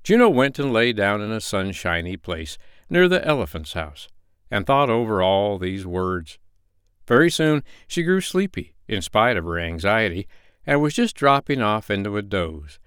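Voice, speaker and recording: A man reading a children's animal story aloud in a lively, expressive way. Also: fairly low pitch, normal speed, clear, resonant tone, dry recording, studio quality. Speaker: narrator.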